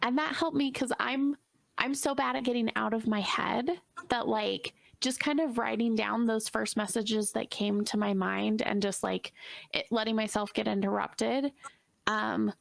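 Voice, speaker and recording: Gravelly reflective woman co-host. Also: a little high, steady tone, measured pace, dry recording. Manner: reflective, thinking aloud with many "like" fillers. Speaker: podcast co-host. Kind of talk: casual interview chat.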